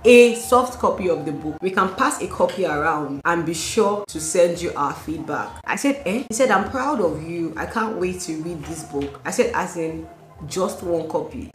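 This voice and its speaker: A woman telling her testimony in a low, hushed storytelling voice, repeating phrases. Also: a little hiss or hum. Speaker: vlogger sharing a faith testimony. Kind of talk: casual testimony. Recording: echoey room.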